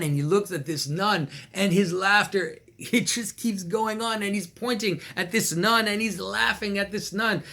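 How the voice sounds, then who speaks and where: A man retelling an old legend in a casual, animated way, repeating phrases and chuckling now and then. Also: sits high. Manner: animated, repetitive, with small laughs and restarts. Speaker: storyteller and commentator.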